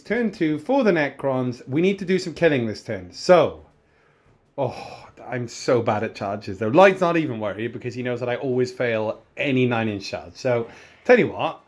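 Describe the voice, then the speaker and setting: A man's voice: medium pitch, moderate pace. Chatty man calling dice rolls. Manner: chatty, self-mocking, excitable over dice rolls. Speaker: tabletop wargame player narrating his turn. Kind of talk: casual battle report commentary.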